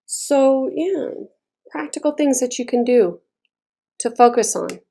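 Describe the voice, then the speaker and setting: A woman's voice: high-pitched, expressive, slow, gravelly, dark tone. A woman giving a casual tarot reading, talking bluntly and chattily and swearing freely. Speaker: tarot reader.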